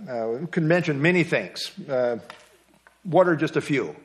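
A man's voice: on the high side, animated, moderate pace. A middle-aged man teaching a Bible study lesson. He talks conversationally, asks the class questions and adds small jokes.

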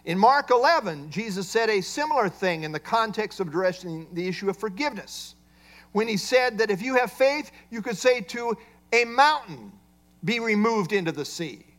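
Man, pastor, sermon, high voice, animated pitch, rhetorical questions. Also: normal speed. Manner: expository preaching with rhetorical questions.

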